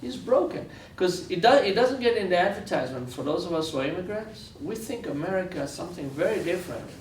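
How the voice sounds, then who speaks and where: A man's voice: high voice, expressive, fast talker, echoey room, slight background noise. A man from Israel giving a lecture, telling stories earnestly and repeating phrases for weight, recorded from far off in a university lecture room. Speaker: guest lecturer. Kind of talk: storytelling lecture.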